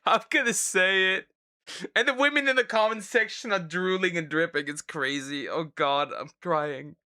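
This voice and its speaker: A man streaming, reacting to clips with exasperated, swearing commentary that bursts into laughs and shouts. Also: sits high, moderate pace, clear, resonant tone, no room sound, clean studio sound.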